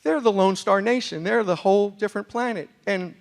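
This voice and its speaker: A middle-aged man from New York City spins a comic story for a lecture-hall crowd. His voice sits high with a gravelly edge, and he turns to the audience with questions. His delivery is lively and playful. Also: brisk. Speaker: storyteller and motivational speaker. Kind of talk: humorous storytelling talk.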